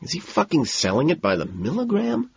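An audiobook narrator voicing a jittery, hot-tempered young man who swings from hushed whispers to roaring. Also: mid-range voice, big pitch swings, normal speed, slightly rough, no room sound, dull audio, voice pushed up, exaggerated voice. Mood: incredulous.

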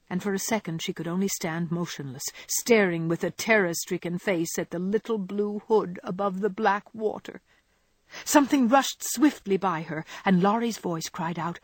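A woman narrates a classic novel with measured, expressive storytelling. Her voice is breathy and husky, at a mid pitch. The close studio recording is dry. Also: no room sound. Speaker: audiobook narrator.

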